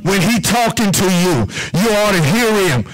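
High-voiced preacher man, rhythmic sermon. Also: lively intonation, unhurried, low-quality recording. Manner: rhythmic, call-and-response preaching.

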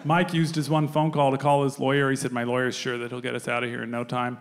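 A middle-aged man telling a story in stand-up, acting out the other voices with big jumps in pitch, with audience laughter. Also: completely flat delivery, fast. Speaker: stand-up comedian. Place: comedy club stage.

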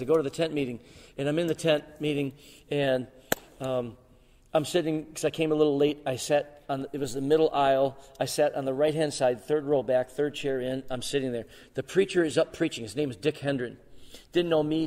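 A man in his sixties, a guest pastor, preaching a sermon and telling his personal story in an animated way, with sudden swings between loud and soft. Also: on the high side, big-room sound. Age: 60s. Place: church sanctuary.

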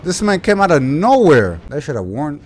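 A young man giving live gameplay commentary, exasperated and yelling at the game, with mild cursing. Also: on the high side, big pitch swings, normal speed, faint music behind. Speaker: gaming YouTuber.

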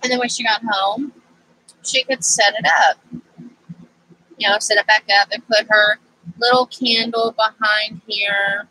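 Chatty, bright-voiced woman crafting at home. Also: mid-range voice, steady tone, unhurried, long pauses, a little hiss or hum, low-quality recording. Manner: rambling and chatty, easily sidetracked. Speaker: craft vlogger. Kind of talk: casual crafting chat to camera.

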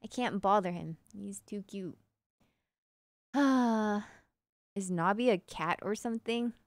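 A woman's voice: mid-range voice, slow, no echo. A young woman streaming live, casually chatting and answering her viewers' questions in a playful way, humming little nonsense sounds between thoughts.

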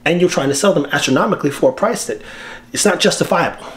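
Animated, slangy man with a lively voice. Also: a little high, fast. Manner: animated, slangy, laughs often. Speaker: dog breeder and channel host. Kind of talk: casual talk to camera.

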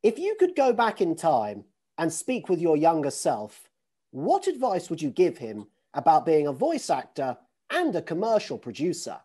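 An interviewer poses questions in a warm, encouraging way and praises the guest's work. The voice is mellow and slightly husky. The pitch moves in lively curves across each question. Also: moderate pace. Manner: encouraging and admiring toward the guest.

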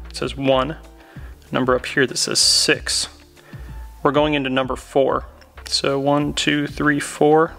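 Gravelly yet fairly bright, his medium-pitched voice carries a casual, upbeat install tutorial filmed inside a car. The young modding vlogger talks to viewers as "guys" while he works through each step.

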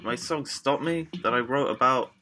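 A man's voice: medium pitch, normal speed, low-quality recording. A young man, a rapper, rants in a rambling, profane and defensive vlog monologue. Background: music.

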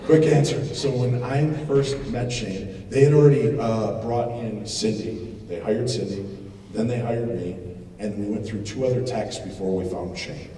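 A middle-aged man telling animated, joking stories to a live audience as a paranormal TV host, with loud outbursts. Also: mid-range voice, moderate pace. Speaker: paranormal TV host giving a lecture. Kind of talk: storytelling talk to a live audience. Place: large expo hall. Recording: echoey hall, distant mic, noisy.

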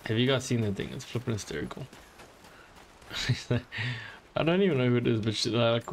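A man's voice: medium pitch, a little fast, long pauses, a little hiss or hum. A man streaming a game, chatting casually in a joking, rambling way and swearing often. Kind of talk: casual gameplay commentary.

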